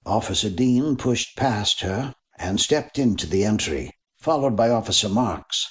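A man's voice: mid-range voice, normal speed, few pauses. A man narrating a mystery novel as an audiobook, reading expressively. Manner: expressive reading with voiced characters.

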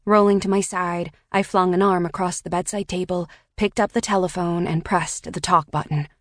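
A woman narrating a first-person audiobook in a measured, reflective way on a close studio mic. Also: on the low side, steady tone, dry recording.

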